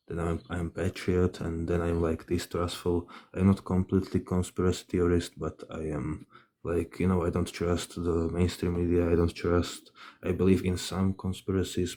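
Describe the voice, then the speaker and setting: A man calling into a live stream, talking in a halting way with many fillers as he lists his political views. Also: low voice, mellow, a little hiss or hum. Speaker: caller. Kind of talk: casual live-stream chat.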